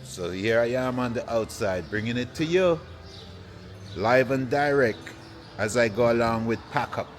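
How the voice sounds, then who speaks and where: A man, vlogging casually while walking through an open-air plant nursery with a handheld phone, relaxed and repeating "yeah, man" often. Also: medium pitch, a little slow. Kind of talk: casual walking vlog to camera.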